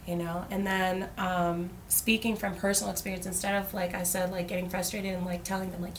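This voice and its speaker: A woman's voice: on the low side, flat delivery, brisk, hardly any pauses. Young woman, casual podcast co-host, filler-heavy, faint background noise. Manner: chatty, filler-heavy with frequent "like". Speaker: podcast co-host, life coach. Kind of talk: casual chat.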